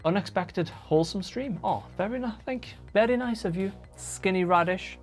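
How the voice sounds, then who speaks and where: A woman's voice: mid-range voice, moderate pace, soft background music. A woman live-streaming from a home room, chatting casually and reading viewer comments aloud as she answers them.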